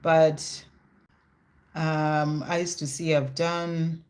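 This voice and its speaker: Live tarot reader, middle-pitched, reassuring, chatty fillers, thinks aloud between cards. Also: little pitch movement, drawn-out words, darkish tone. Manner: reassuring, talks straight to the viewer with many "you know" fillers. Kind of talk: live card reading with viewers.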